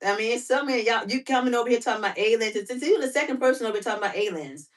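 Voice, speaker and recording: Livestream host, female, chatty and animated, quick to laugh, slightly high voice, sits back from the mic. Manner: animated, talkative, quick to laugh, fires off rhetorical questions. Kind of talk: casual livestream chat with viewers. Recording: voice somewhat far from the mic.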